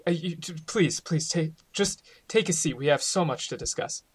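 A man's voice: on the high side, normal speed, husky. A man voicing his character, a scheming male scholar who feigns sincere reform, in an effusive, overly earnest manner.

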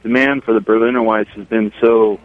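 A man's voice: on the low side, fairly even intonation, a little fast. A man calling in by phone, talking casually and enthusiastically about his brewery, rambling with plenty of fillers. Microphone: telephone. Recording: tinny phone line.

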